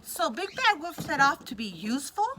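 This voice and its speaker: Lively high woman reading a storybook. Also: normal speed, noisy background. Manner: lively, expressive reading that shifts pitch for the characters. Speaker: storybook reader. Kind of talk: reading a picture book aloud.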